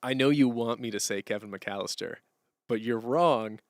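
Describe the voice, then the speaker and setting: A man on a live stream, talking loosely and rambling as he answers chat from a hardwood floor at home. His voice is smooth and crisp in a dry, close-miked sound. He laughs easily between thoughts. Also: medium pitch, moderate pace, no room sound. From Canada. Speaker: streamer and musician.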